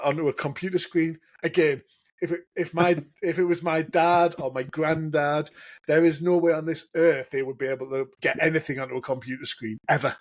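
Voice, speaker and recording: A man co-hosting a podcast, chatting casually and joking, laughing often. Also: fairly high pitch. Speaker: podcast co-host. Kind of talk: casual chat.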